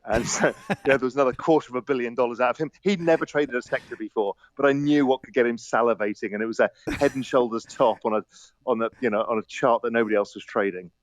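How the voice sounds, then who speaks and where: A man telling stories on a podcast as a guest, animated, laughing, quoting the people in them. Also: mid-range voice, quick pace. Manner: animated anecdotes with laughter and quoted dialogue. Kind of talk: casual storytelling.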